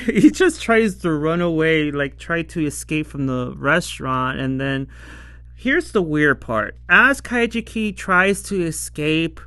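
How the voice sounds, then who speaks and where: Man, show reviewer, casual rambling talk, slow pace, smooth clear voice, dry sound. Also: on the high side, pushed and bright, no room sound. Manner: rambling, laughs often, acts out quotes.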